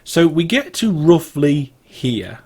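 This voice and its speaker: A man's voice: on the high side, sing-song, takes it slowly, darkish tone. A British man hosting a let's play, giving casual gameplay commentary as he thinks aloud in a wandering, chatty way.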